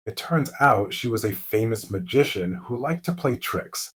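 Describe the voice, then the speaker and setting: Calm, slow-spoken male English teacher. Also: mid-range voice. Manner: calm, clear, deliberate. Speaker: host and story narrator. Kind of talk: slow scripted narration for English learners.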